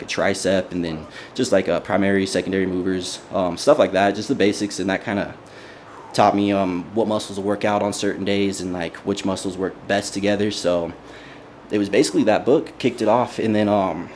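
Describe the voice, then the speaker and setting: Young man, very deep voice, earnest, lots of fillers, faint ambience behind. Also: darkish tone, a little hiss or hum. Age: young adult. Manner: earnest, many fillers, emotional at times. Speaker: bodybuilder interviewee. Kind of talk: casual personal story.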